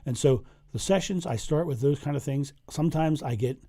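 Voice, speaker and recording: With a somewhat high, dark-toned voice and a slightly quick pace, a middle-aged spiritual coach fields viewer questions during a livestream monologue. His storytelling is earnest, and he repeats phrases for emphasis.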